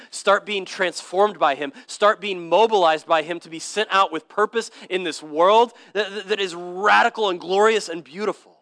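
A man's voice: sits high, a bit bright, no echo, studio quality. A man preaching a sermon in church, earnest and emphatic, with casual slang and frequent word repeats. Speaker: pastor. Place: church service.

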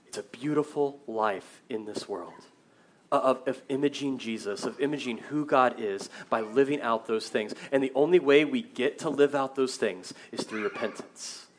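A man's voice: mid-range voice, moderate pace. Earnest male pastor preaching a sermon. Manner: earnest, shifts from loud emphasis to quiet reflection.

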